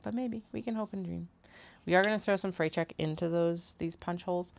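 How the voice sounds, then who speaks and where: A woman's voice: on the low side, brisk, vocal fry, slight background noise. A woman hosting a casual sewing livestream from a home workroom, thinking aloud and poking fun at herself. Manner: chatty, thinks aloud, self-mocking. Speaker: host, bag maker.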